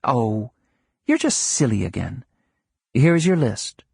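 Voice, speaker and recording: A man reading an audiobook, voicing a fond small-town wife who coaxes and gently scolds her husband. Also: mid-range voice, sing-song, slow, gravelly, husky, dry recording, studio quality, exaggerated voice. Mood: fond scolding. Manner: light, coaxing and chiding.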